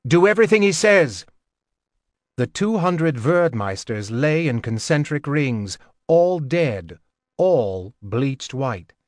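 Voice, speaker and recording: A man narrating a fantasy audiobook in a measured, steady reading on a close mic. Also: medium pitch, dry recording. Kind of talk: scripted narration.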